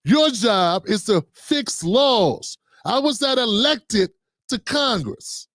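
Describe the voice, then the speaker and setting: A middle-aged man reacting to news clips with animated, exasperated rants and frequent swearing. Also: very high-pitched, slow pace, no echo, clean studio sound. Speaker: political commentary streamer.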